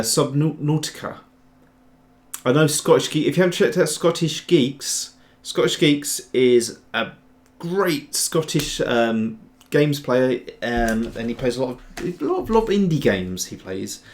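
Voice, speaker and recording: A man hosting a casual livestream tutorial, rambling and chatty as he answers viewer chat while he works. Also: medium pitch. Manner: rambling, chatty, trails off and restarts. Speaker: host, 3D sculptor.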